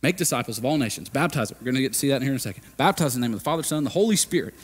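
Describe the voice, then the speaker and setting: Male pastor, mid-pitched, conversational sermon delivery with big emphatic climbs, long church-hall reverb. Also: animated, racing, husky. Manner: impassioned, rising to loud emphatic peaks and dropping to quiet; conversational preaching with casual fillers. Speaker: lead pastor. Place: church sanctuary.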